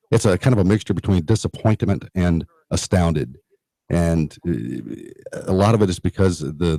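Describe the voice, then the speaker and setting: A man's voice: deep voice, dark tone, no room sound. A man guesting in a radio studio, explaining emergency preparedness earnestly with frequent fillers and restarts. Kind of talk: radio talk interview.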